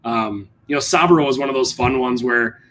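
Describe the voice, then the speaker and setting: A man's voice: medium pitch, moderate pace, a bit bright, a little hiss or hum. A man, a brewery guest, chatting enthusiastically and a bit rambling about hops and flavors. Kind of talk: casual chat.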